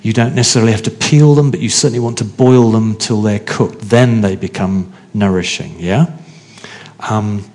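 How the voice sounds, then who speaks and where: Low-voiced preacher, conversational. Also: male voice, normal speed, darkish tone. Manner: conversational, asks the congregation questions. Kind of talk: sermon.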